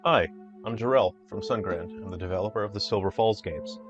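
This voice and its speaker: Male indie game developer, low voice, earnest and plain-spoken, on a muffled lo-fi recording. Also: a little fast, over music. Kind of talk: casual video update.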